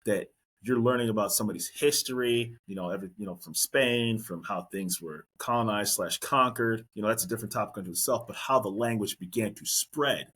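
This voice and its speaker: A man's voice: fairly low pitch, fairly bright tone, slight background noise. A man hosting a casual podcast interview, chatty and rambling with a respectful tone. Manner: chatty, rambling, respectful, quick agreeing fillers. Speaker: podcast host.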